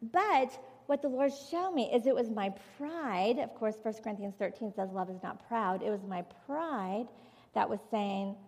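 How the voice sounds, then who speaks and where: A woman's voice: on the high side, moderate pace, darkish tone. Middle-aged woman preaching in a reverberant hall. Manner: candid, emphatic, confessional. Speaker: conference speaker. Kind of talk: personal testimony sermon. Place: large conference hall.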